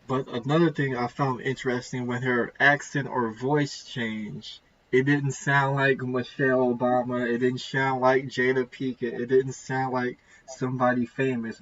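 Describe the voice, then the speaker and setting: A man's voice: medium pitch, level tone, unhurried, a bit bright. A man hosting a live stream, explaining things in a casual way with hesitant restarts. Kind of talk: casual chat. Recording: dull lo-fi audio with faint noise.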